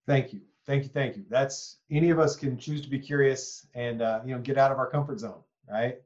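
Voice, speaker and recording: A man's voice: medium pitch, fairly even intonation, brisk, a little mellow, lo-fi sound. A man from East Texas hosting a podcast interview, reflective and rambling, with many asides and tag questions. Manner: reflective, rambling, many "you know"s and "right?". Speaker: podcast host. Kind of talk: conversational interview.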